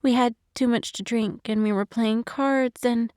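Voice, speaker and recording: Audiobook: tearful, self-blaming young woman, shaky and soft, voiced by a woman; dry close sound. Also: fairly high pitch, steady tone, no echo, pitched above the performer's own voice, natural voice. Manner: shaky, halting, soft-spoken. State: crying. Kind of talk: audiobook narration.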